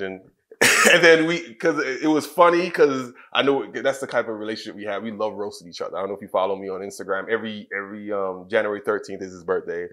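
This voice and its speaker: Low-voiced man recalling a loss candidly. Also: fairly even intonation, pushed and bright. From Trinidad. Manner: candid, halting, many fillers and restarts. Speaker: guest, former wrestler. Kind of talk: casual interview storytelling.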